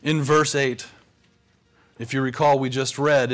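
A man, a pastor, preaching a sermon with measured pauses. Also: medium pitch, level tone.

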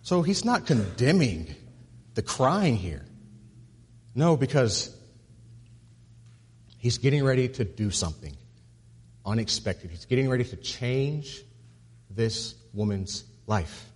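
A male pastor delivers a sermon in a church sanctuary. His voice is husky and a touch breathy, and it carries a long reverb through the big room. He repeats words as he builds to a point, then drops low and soft on the key lines. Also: very animated, slow pace, pauses often.

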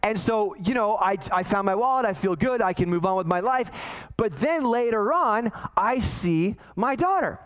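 A man in his forties gives a casual, story-driven sermon in a notably high voice. He rambles and restarts, poking fun at himself as he goes. The tone stays friendly and loose rather than formal. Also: lively intonation, normal speed, a bit bright, poor audio. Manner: chatty storytelling, self-deprecating, restarts often. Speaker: pastor. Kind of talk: conversational sermon.

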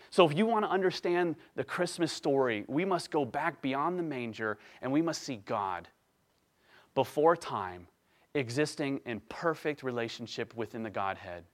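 A man preaching a sermon, emphatic, climbing to excited peaks and then dropping to quiet, earnest stretches. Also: medium pitch. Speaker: pastor.

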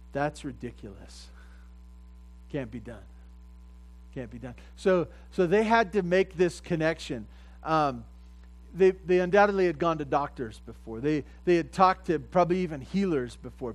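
A man preaching a sermon in a conversational way, often repeating phrases and rising louder at the points he stresses. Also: a little high, rough recording. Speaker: pastor.

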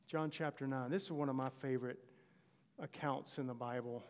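A man's voice: mid-range voice, fairly even intonation, a little fast, in a large hall. A man preaching a sermon, telling Bible stories and acting out short exchanges between characters.

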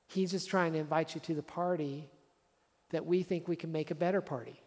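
A man's voice: on the high side, little pitch movement, brisk, a little mellow, in a large hall. A man preaching a sermon as a pastor, conversational and earnest, driving points home with repeated phrases.

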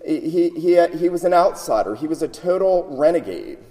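A man delivers a sermon in a mellow, slightly high voice. He speaks emphatically and restarts phrases as he builds each point. A long reverb hangs around him, like a large sanctuary. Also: animated, normal speed. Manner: emphatic, repeats words while building points. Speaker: pastor.

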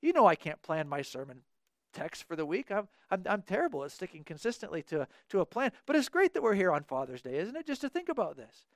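A man's voice: high voice, sing-song, fast talker, no room sound, clean studio sound. A man preaching a sermon as pastor, earnest, repeating key phrases and asking the congregation rhetorical questions.

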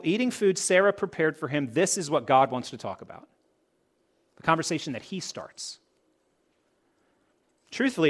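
Animated preacher man, lively rising pitch. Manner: asks the listeners many rhetorical questions. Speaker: pastor. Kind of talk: sermon.

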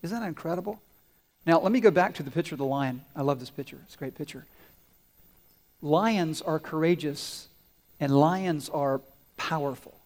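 A man giving a children's sermon, asking the kids questions and telling stories, growing loud at the climaxes. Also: a little high, moderate pace, long pauses. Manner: asks the kids questions and waits for answers; animated storyteller, swells loud on climaxes. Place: church sanctuary. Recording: long hall reverb.

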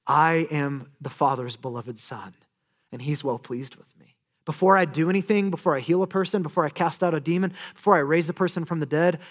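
A young man preaching a sermon, animated and conversational, dropping to a low hushed voice for emphasis. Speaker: pastor.

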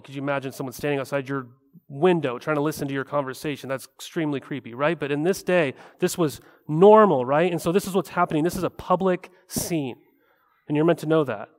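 A man's voice: fairly high pitch, in a large hall. A man preaching a sermon as a pastor, talking in a conversational way and often tossing in rhetorical "right?" asides.

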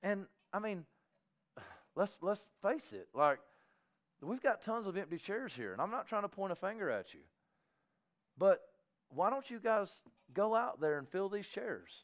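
A man pastor preaching a sermon in a church, swinging from quiet asides to shouted exhortation. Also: high voice, sing-song, a little slow, long pauses. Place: church sanctuary.

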